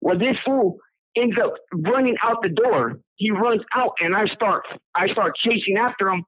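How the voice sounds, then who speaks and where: High-voiced man on a tinny phone line. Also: normal speed, dry recording. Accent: Southern California. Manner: rambling, repeats words, acts out quotes. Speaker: incarcerated man telling his story. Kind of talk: casual storytelling.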